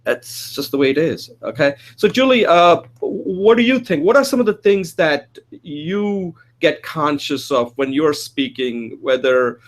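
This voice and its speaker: A man hosting a casual chat, speaking quickly with an Indian accent and sometimes slurring words. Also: fairly high pitch, lively intonation. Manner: fast, gesturing, slightly slurred at speed. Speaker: host.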